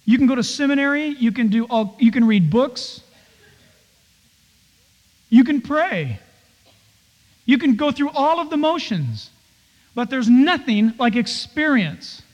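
A man with a strikingly high-pitched voice delivers a sermon as a pastor. He talks in a conversational, easygoing way, now and then acting out little scenes. His voice rings out with a long reverb, as if in a large hall. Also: expressive, unhurried, long pauses, highs cut off. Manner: conversational preaching with playful acted-out asides.

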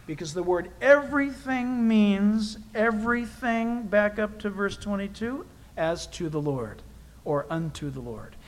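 A man's voice: sits high, animated, unhurried, low-quality recording. A man preaching a sermon in a conversational, emphatic way, repeating key phrases and dropping in personal asides. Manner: self-deprecating personal asides. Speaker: pastor.

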